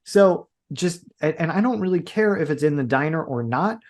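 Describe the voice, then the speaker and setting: A man's voice: fairly high pitch, lively intonation, moderate pace. A man co-hosting a podcast, making an earnest point in a lecturing way during casual chat. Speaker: podcast co-host.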